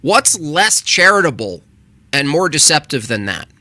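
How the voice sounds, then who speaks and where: A man's voice: on the high side, sing-song, a little slow, sharp tone, no room sound. A male host giving heated, casual reaction commentary, combative and swearing in exasperation. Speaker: channel host reacting to a video.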